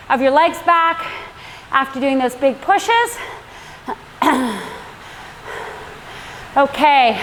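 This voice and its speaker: A woman's voice: high voice, fairly bright tone, in a large hall, slight background noise. A woman coaching an indoor cycling class, chatty and instructive, laughing often between cues.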